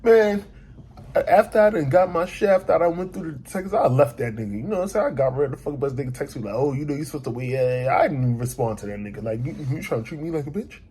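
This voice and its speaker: A young man recapping a trip on his vlog, animated and profane, retelling an argument by quoting both sides. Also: mid-range voice, fast talker, a little hiss or hum. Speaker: vlogger. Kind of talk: casual storytime vlog recap.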